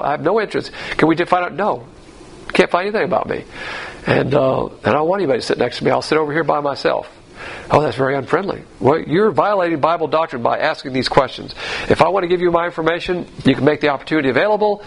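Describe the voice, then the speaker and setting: Pastor guy teaching bible doctrine, gravelly husky voice, kinda high, blunt and mocking.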